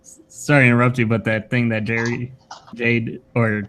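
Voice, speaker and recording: A man guest in casual podcast chat, relaxed with a few hesitations. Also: mid-range voice, moderate pace, slight background noise.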